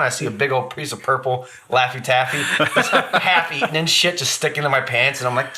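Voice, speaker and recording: A man hosts a laid-back podcast, rambling through stories with plenty of swearing and "dude". His voice is bright and forceful at a middle pitch. He gets animated and jumps high in pitch when he acts out quotes. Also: quick pace, hardly any pauses. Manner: rambling, profane storytelling, says "dude" and "bro" a lot. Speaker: podcast host. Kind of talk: casual chat.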